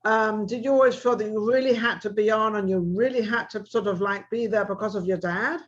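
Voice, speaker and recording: A woman's voice: medium pitch, steady tone, a little fast. Giggly woman host, dull lo-fi sound. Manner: laughs often, brief reactions. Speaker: talk show host. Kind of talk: casual interview.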